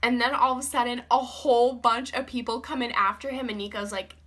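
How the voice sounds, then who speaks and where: Bright, giggly young woman vlogging. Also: on the high side, fairly even intonation, brisk, few pauses. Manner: giggly, rambling, lots of "like" and "um". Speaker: beauty vlogger. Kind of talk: casual chatty vlog.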